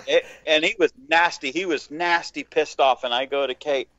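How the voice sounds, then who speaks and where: A man's voice: fairly high pitch, normal speed, no echo. A man in casual podcast chat, telling a long profane story and acting out what people said. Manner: profane, animated storyteller, acts out quotes. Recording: dull lo-fi dry sound.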